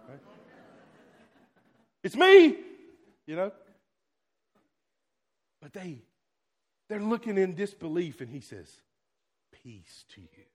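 Man preaching, loud then hushed. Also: medium pitch. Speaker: pastor. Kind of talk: sermon.

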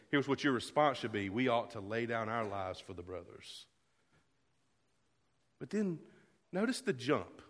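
Pastor, male, mid-pitched voice, earnest sermon delivery that swings from soft to loud, reverberant church hall. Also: sing-song, unhurried, pauses often. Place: church sanctuary.

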